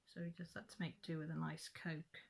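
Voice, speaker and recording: Chatty middle-aged woman, lower voice. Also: level tone, fairly quick, creaky, slightly rough. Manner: chatty, rambling, with frequent self-corrections. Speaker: craft vlogger. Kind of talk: casual chat, storytelling.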